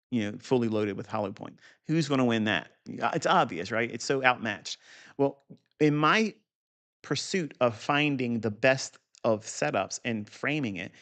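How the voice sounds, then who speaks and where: A trading educator with a medium-pitched, slightly bright voice teaches a live market review lesson. He's blunt, profane and rambling, repeating key points for emphasis and speaking straight to the viewer.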